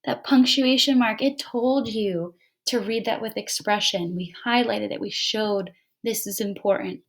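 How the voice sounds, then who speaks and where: A woman guiding a class through a short poem, reading it aloud and slowing down to point out each pause. She talks clearly and patiently into a computer microphone during an online lesson. Her pitch sits in an ordinary middle range. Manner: clear, patient teacher pacing. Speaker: teacher. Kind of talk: fluency lesson read-aloud. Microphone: computer mic, online class.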